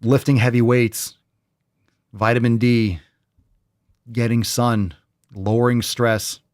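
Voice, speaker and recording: A man's voice: medium pitch, little pitch movement, slow, darkish tone, dry recording, clean studio sound. A man hosting a fitness podcast, talking bluntly with plenty of swearing and a mock-salesy streak. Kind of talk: casual podcast monologue.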